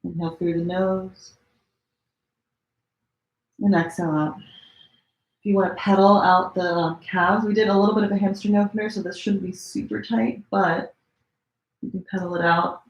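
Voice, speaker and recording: A woman teaching a gentle yoga class, giving relaxed, chatty cues with many fillers while she demonstrates the poses, a little strained as she holds them. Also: mid-range voice, moderate pace, long pauses, highs cut off. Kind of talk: live-streamed yoga class instruction. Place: room at home. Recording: echoey room.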